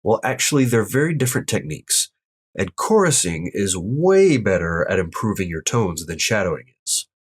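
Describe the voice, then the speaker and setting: A man with a slightly husky voice leads an online language lesson in an upbeat way and speaks straight to his viewers. His pitch moves a lot as he walks through each rule step by step, and he sounds every example out loud. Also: big pitch swings, normal speed. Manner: explains step by step and demonstrates each tone aloud; upbeat, addresses viewers directly. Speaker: Mandarin tone teacher.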